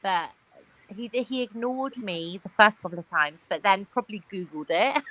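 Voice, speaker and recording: A woman's voice: mid-range voice, lively intonation, moderate pace, sharp tone, low-quality recording. A woman in a casual group chat, telling a story with frequent laughter.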